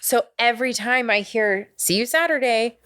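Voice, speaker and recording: A young woman hosting a podcast in casual chat, lively and quick to act out quotes in little voices. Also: a little high, smooth, dry recording, studio quality. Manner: animated, quotes lines in put-on voices. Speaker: podcast host.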